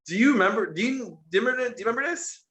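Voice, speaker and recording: A man chatting casually on a podcast, shrugging things off with a laid-back, profane manner. His voice is bright and lively, a bit high, and it rings in an echoey room. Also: rapid-fire. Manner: laid-back, dismissive, swearing. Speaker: podcast co-host. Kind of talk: casual chat.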